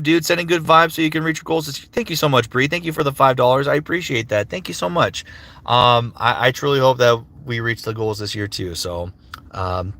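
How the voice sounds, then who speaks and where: A young man hosting his live stream as a voice actor. He answers viewers casually, rambling with fillers and swearing now and then. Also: mid-range voice. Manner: lively, swears casually, drops into character voices between answers; rambling with many fillers and restarts.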